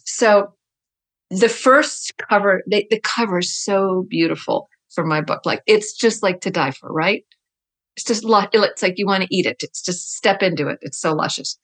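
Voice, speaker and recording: A middle-aged woman, a writer and teacher, chatting as a guest in an interview, telling lively stories and laughing often. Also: medium pitch, moderate pace. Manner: animated storyteller, laughs often, loose and chatty. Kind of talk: conversational interview.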